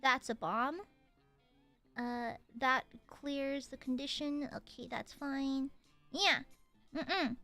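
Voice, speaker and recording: A woman's voice: sits high, slow, pushed and bright, soft background music. A young woman with a Southern US accent, chatting playfully and laughing as she streams a game. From American South. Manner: playful, laughing, teasing chat. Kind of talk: casual game stream chat.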